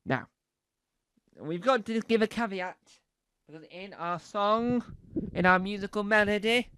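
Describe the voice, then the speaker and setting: A man's voice: high voice, clean tone, dry recording. A man doing rambling, playful stand-up comedy, repeating words for laughs.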